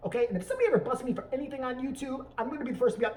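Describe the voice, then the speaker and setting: A woman's voice: high-pitched, rapid-fire, a little mellow. A woman hosting a vlog, delivering a brash, profane comedic rant. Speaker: vlog host. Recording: voice picked up from a distance.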